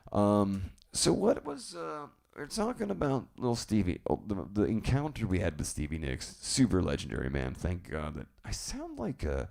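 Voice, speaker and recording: A man hosting a live stream, chatting casually and telling rambling, animated stories. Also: extremely low pitch, gravelly. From southern United States. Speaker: live-stream show host.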